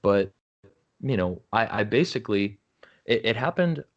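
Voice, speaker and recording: As a podcast guest, a man tells his story frankly and earnestly in a candid, conversational way, often saying "you know" and "right?" and restarting his sentences. His voice is lowish and expressive, his pace unhurried, and the highs are cut off.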